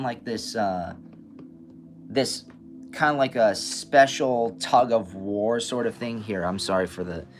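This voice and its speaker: A man hosting a live stream, ranting in an animated, passionate way and stuttering and restarting often. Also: mid-range voice. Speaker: live stream host giving readings. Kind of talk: casual live-stream rant. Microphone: camera mic, moves the camera around.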